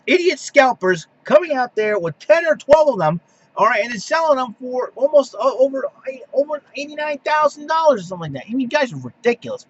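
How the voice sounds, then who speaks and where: A man's voice: extremely high pitch, a bit bright, husky, dull audio. A man hosting his own podcast, ranting casually and with exasperation, with many restarts and fillers. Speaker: podcast host. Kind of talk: casual solo rant.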